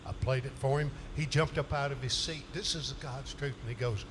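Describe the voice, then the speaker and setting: Man in his seventies, folksy stage storyteller, animated and laughing, live concert mic with room noise. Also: medium pitch, normal speed. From southern United States. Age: 70s. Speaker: country singer on stage.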